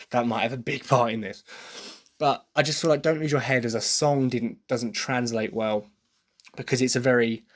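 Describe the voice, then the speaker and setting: A young man hosting a solo podcast, talking through his opinions in an enthusiastic, rambling way. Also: medium pitch. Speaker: podcast host.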